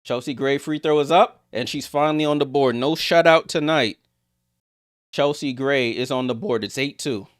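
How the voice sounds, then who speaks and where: A man giving live play-by-play of a basketball game as a streamer, getting louder on big plays and greeting viewers in the chat. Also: steady tone, fairly quick, few pauses, no echo, clean studio sound. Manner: rises sharply in pitch and volume on big plays.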